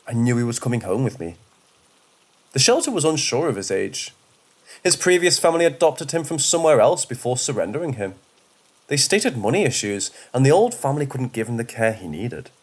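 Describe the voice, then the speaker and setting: A man's voice: mid-range voice, a little mellow. Man narrating horror stories. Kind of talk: scripted horror story narration.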